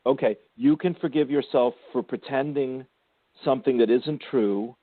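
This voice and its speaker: A man hosting a spiritual radio show, gently counseling a caller and calling her darling and sweetie. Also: medium pitch, moderate pace, dry recording. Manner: gentle, affectionate, calls listeners darling and sweetie. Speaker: spiritual intuitive radio host. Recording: tinny phone-line sound, dry.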